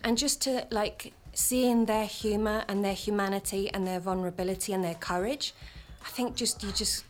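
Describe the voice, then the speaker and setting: A woman stage actor who is a guest on a radio interview, speaking softly and searching for her words with many fillers. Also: mid-range voice, fairly even intonation, moderate pace. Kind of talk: studio interview.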